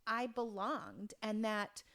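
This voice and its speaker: A woman in her fifties from Oregon, a podcast guest telling a story in an earnest, halting way with many restarts. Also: medium pitch, fairly bright tone. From Oregon, USA. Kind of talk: conversational storytelling.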